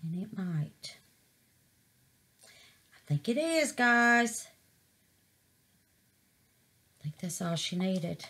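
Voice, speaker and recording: Woman crafter, calls folks babies, talks slow, voice bouncing high and low. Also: big pitch swings, fairly bright tone, slightly rough. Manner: chatty, calls viewers babies, exclaims to the Lord. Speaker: resin crafter. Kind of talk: casual crafting vlog.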